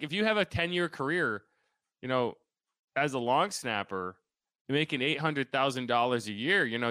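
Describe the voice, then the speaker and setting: Bright, crisp-voiced man joking on a podcast. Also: mid-range voice, dry recording. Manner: joking, sarcastic banter. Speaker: podcast co-host. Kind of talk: casual sports podcast chat.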